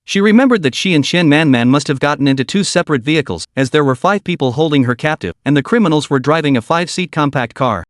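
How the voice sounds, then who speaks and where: A man narrates a story recap in a steady, even reading voice. His voice sits a little high for a man, and the recording is dry and close, with no room sound around it. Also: fast, few pauses, no room sound.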